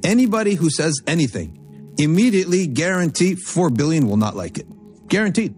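A man giving a religious lecture, telling a story from Arabic texts and explaining it in English with animated, emphatic delivery. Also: a little high, fairly quick, faint music behind. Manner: emphatic, repeats phrases for stress. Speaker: Islamic teacher.

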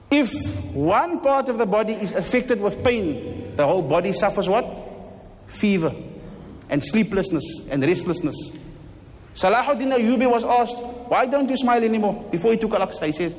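A man with a South African accent delivering a Friday sermon in a mosque, impassioned and repeating rhetorical questions. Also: sits high. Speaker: mosque preacher. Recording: long hall reverb.

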